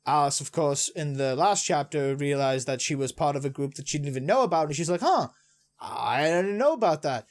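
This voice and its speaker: A man casually recapping and reacting to a manga chapter, rambling excitedly with lots of fillers. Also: a little high, fast, hardly any pauses. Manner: excitable, rambling, many fillers, retells scenes with "he's like". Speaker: manga reviewer.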